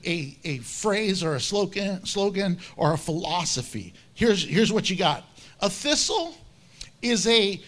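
Male pastor, folksy sermon, bright high voice, chatty and lively. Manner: folksy, conversational, animated.

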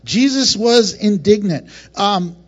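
A man with a high voice preaches with passion, swinging from soft, low moments to bright, raised ones and tossing in playful acted asides. The sound is muffled and lo-fi. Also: expressive, slow. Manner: passionate, varied delivery with laughs and acted asides. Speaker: pastor. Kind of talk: sermon.

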